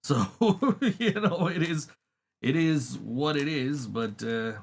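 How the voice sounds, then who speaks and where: A man's voice: a little high, lively intonation, takes it slowly, vocal fry. A man hosting a podcast, telling a long story in a casual, profane way and laughing often. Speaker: podcast host. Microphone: studio microphone.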